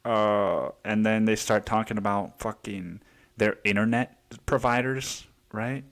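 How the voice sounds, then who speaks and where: A man's voice: lowish voice, steady tone, measured pace, a bit bright. A man from Mexico hosting a casual solo podcast, rambling and swearing freely as he tells stories about his day. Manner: rambling, profane, storytelling with quoted voices. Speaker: podcast host.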